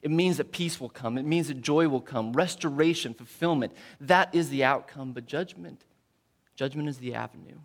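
A man preaching a sermon, dropping to near whispers and rising to loud, proclaiming crescendos. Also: a little high, normal speed. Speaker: pastor.

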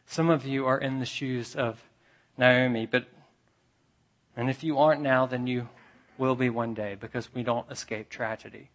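A man preaching a sermon as pastor, earnest, dropping soft and low for the tender passages. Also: fairly even intonation, normal speed.

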